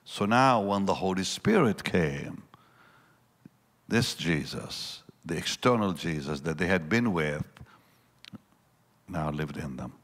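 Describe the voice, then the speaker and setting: A man preaching a sermon, swinging between loud bursts and hushed lines and acting out the voices in his story. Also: deep voice, lively intonation, slow pace, long pauses. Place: large church hall. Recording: long church reverb.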